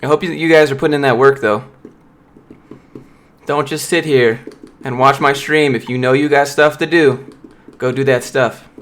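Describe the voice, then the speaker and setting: A man's voice: mid-range voice, steady tone, moderate pace, fairly bright tone. A young man on a casual livestream, reading and answering viewer chat in a blunt, motivational way. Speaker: streamer, software developer.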